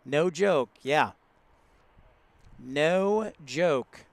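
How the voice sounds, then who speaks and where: A man's voice: on the high side, expressive, very slow, vocal fry, dry recording. A man hosting a casual live stream from outdoors at a large airport, chatting with viewers, greeting them by name and laughing often. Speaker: live-stream host, plane spotter.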